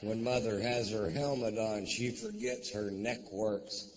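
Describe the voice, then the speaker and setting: A man doing a drawling, profane stand-up comedy routine, rising to shouted punchlines on a theater stage. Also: lowish voice, fairly even intonation, a little slow, noisy background. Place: theater stage before a live audience.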